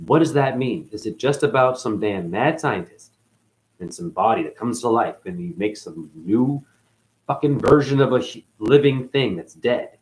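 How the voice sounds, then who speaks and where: A man rambling through a profane spiritual monologue, dropping to mutters and then jumping up in excited bursts. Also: medium pitch, normal speed, rough recording. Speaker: spiritual video host.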